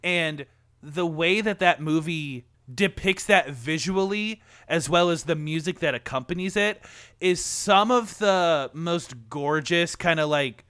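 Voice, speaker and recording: A man's voice: a little high, bright, forceful tone, clean tone, no room sound, clean studio sound. A young man retelling a film scene in a casual, emotional podcast chat, full of "like" fillers. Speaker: podcast co-host. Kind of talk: casual movie discussion.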